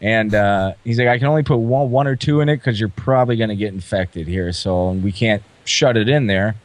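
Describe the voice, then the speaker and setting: A man's voice: fairly low pitch, brisk, dry recording. A man from Wisconsin, a podcast guest, telling a profane story in casual chat and laughing as he goes.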